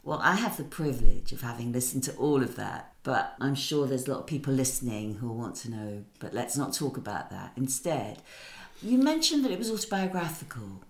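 A woman interviewer asking questions in a measured, conversational way. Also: rumbling low, sing-song. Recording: roomy echo.

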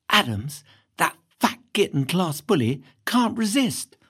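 A woman reading a first-person novel aloud in a lively, cheeky storytelling manner. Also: on the low side, unhurried, husky. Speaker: reader.

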